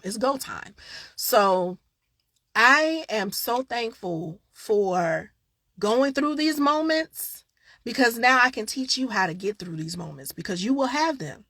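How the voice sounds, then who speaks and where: A woman with a gravelly, slightly husky voice hosts a casual live online show. She talks frankly and warmly straight to her viewers. The sound is close and dry. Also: fairly high pitch, dry recording.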